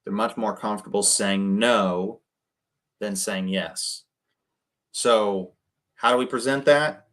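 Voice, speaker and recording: A man casually coaching people on cold calling between phone calls, often tagging his points with a quick "right?". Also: fairly low pitch, a bit bright. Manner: conversational, keeps adding "right?". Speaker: real estate wholesaling coach.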